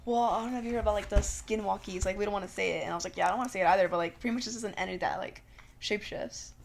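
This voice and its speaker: A woman's voice: mid-range voice, racing, creaky, a little hiss or hum. A woman, co-hosting a podcast, chatting casually in a rambling way full of "like". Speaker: podcast co-host. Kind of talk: casual chat.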